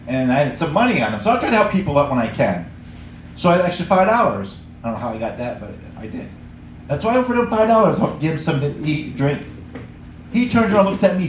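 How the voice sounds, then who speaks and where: In an echoey cafe room captured by a far-off mic with slight hiss or hum, a middle-aged man with a somewhat high voice does a stand-up set. He rambles on and laughs at his own jokes in front of a live audience.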